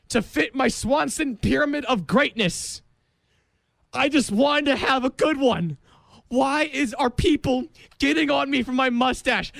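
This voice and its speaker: Young man, college radio host, high-pitched, gravelly fry, dramatic comic rants. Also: no room sound. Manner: excitable, dramatic, bursts into shouting. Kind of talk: comedic radio monologue. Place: radio studio.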